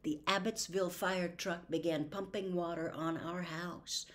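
A woman narrating a classic novel as an audiobook in a deliberate reading manner. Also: lowish voice, fairly even intonation. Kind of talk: scripted narration.

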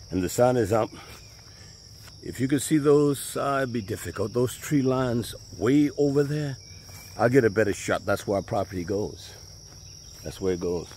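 A man with a fairly low, darkish voice talks at a moderate pace with long pauses. In Southern US speech, he casually walks viewers around his land near a pond, with faint outdoor sounds of birds and insects.

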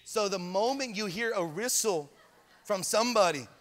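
A man preaching a sermon as pastor, animated and repeating phrases, in a church hall. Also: sits high, moderate pace, slight background noise.

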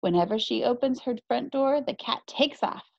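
A woman's voice: fairly high pitch, moderate pace, gravelly, a little mellow, voice pushed up. A woman reading a chatty sporty boy. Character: boy, easygoing sporty storyteller. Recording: dry, slightly muffled recording.

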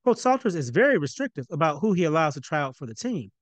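A man voicing a calm, firm father in a read-aloud novel, speaking in a measured, deliberate way. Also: a little high, dry recording.

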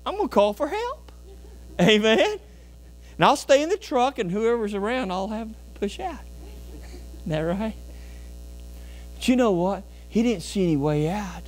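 Pastor guy with a really high voice, folksy animated sermon, mains hum underneath. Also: measured pace, long pauses. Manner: folksy, animated preaching with rhetorical questions to the congregation. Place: church sanctuary.

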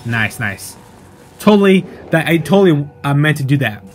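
A man's voice: a little high, big pitch swings, normal speed, a little hiss or hum. A young man casually commentating his gameplay, swearing freely and flaring into angry outbursts at the game, then settling back into chatty explaining. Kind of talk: casual let's-play commentary. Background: game music.

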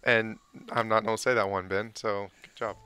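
Bright, clear-voiced man reading chat. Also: lowish voice, normal speed. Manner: relaxed, hesitant with many fillers. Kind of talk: casual chat.

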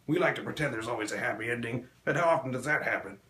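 A man doing a crude stand-up comedy set, delivering deadpan one-liners on a small club stage. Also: medium pitch, rapid-fire, few pauses, a little hiss or hum. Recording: echoey room with faint ambience.

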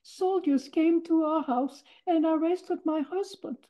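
A woman voicing her own mother, defiant and insistent as she confronts a Gestapo commandant, in a slow, measured telling. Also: extremely high pitch, dark tone, voice pushed up. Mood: pleading. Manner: indignant, insistent. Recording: dull lo-fi recording.

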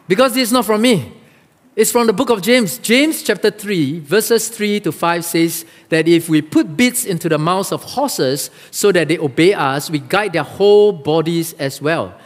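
A male pastor preaching a sermon in a church, lively and acting out the Bible quotes. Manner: animated, acts out Bible quotes with rising pitch. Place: church sanctuary. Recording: long reverb of a large hall.

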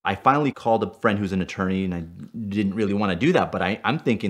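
A man from Puerto Rico telling a car story in an animated way, with loud bursts when he relives his anger. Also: medium pitch, fast talker, few pauses. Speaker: storyteller guest.

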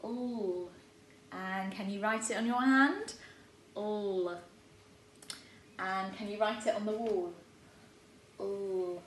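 A woman with an English accent, a primary school teacher giving a spelling lesson to young children at a chalkboard, talking in a bright, encouraging way and sounding every word out clearly. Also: mid-range voice, takes it slowly, distant mic, slight background noise. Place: classroom with a chalkboard. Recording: echoey room, voice away from the mic.

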